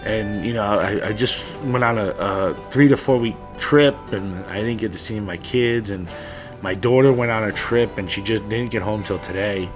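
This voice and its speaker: This father vlogger, in his late thirties, speaks at normal speed in a lowish voice with music in the background. He offers fellow dads sincere, heartfelt advice in a personal monologue, sometimes blunt and cursing.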